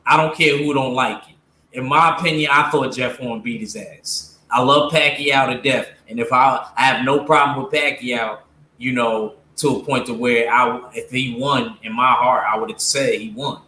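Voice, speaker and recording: A man's voice: mid-range voice, fairly even intonation, normal speed, bright, forceful tone, roomy sound. A man giving blunt, opinionated boxing commentary to his viewers, casual and slangy, with lots of fillers. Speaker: streamer talking boxing with viewers.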